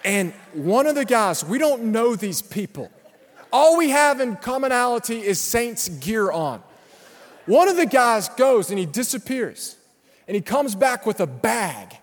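A male pastor telling a story in a sermon, then rising into loud, shouted preaching in a large church. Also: high-pitched, very animated, a little slow. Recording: long hall reverb.

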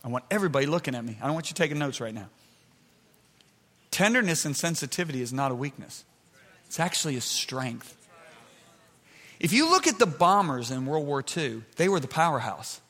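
Preacher guy, bright forceful voice, bit high, big hall echo, goes loud then quiet. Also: expressive, fairly quick. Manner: emphatic, swings between shouting and soft intimate asides. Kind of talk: sermon. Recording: preached in a large reverberant hall.

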